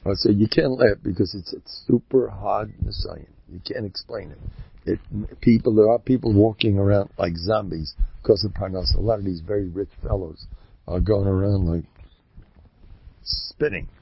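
A man, a rabbi, giving an informal religious talk in an animated, rambling way, often mimicking other people's voices. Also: fairly low pitch, normal speed, creaky, slightly rough. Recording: dull lo-fi recording.

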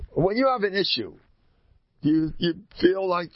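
An older man, a rabbi, giving a Torah lecture full of stories, acting out the people he quotes with sudden high, loud bursts. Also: measured pace, no room sound. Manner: animated storyteller, jumps high when acting out quoted voices. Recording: dull lo-fi recording.

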